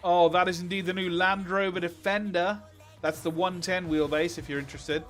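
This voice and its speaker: A man reacting excitedly on a live stream, exclaiming and reading viewer questions. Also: high-pitched, normal speed, faint music behind.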